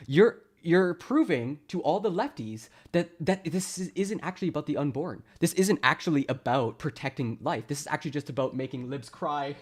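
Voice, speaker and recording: A man's voice: fairly high pitch, animated, fairly quick. A man from Canada ranting sarcastically on a live stream, mocking chat with laughs and put-on voices. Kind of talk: casual live-stream rant.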